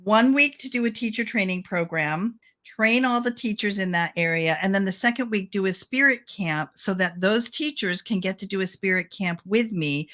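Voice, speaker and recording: A woman's voice: medium pitch, pushed and bright. A woman guest, an author, talking enthusiastically in a casual interview and laughing easily. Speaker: guest, author and children's camp founder.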